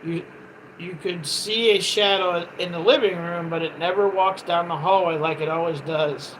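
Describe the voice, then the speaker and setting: A man's voice: high voice, fairly even intonation, normal speed, a bit bright, a little hiss or hum, rough recording. A man hosting a casual late-night livestream, easygoing and matter-of-fact. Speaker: livestream host.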